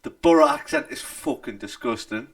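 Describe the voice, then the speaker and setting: Animated sweary man. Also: mid-range voice, normal speed. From North East England. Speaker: podcast co-host. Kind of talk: casual chat.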